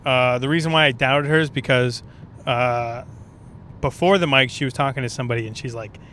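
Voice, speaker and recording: A male comedian rambles through a loose, profane solo podcast. His voice sits at an ordinary middle pitch. A faint road noise hums underneath. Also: a little fast, fairly bright tone. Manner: rambling, profane, laid-back. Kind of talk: casual solo podcast monologue.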